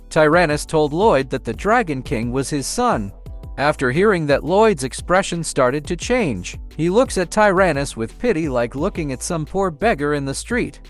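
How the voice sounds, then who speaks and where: Guy narrating a comic recap, kinda high voice, plain read-aloud style, faint music behind. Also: lively intonation, normal speed. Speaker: story narrator.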